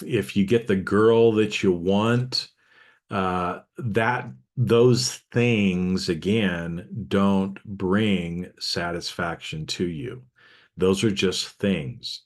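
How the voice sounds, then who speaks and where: Middle-aged male podcast host, somewhat low voice, easygoing reflective talk that keeps checking in with listeners. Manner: conversational, frequent "okay?" check-ins with listeners. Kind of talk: casual reflective podcast monologue.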